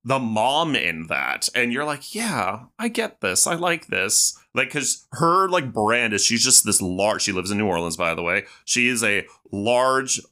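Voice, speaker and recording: A man's voice: lowish voice, expressive, unhurried, hardly any pauses, sharp tone. A man hosting a podcast, chatting casually about a movie in a rambling, enthusiastic way with many fillers. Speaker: podcast host.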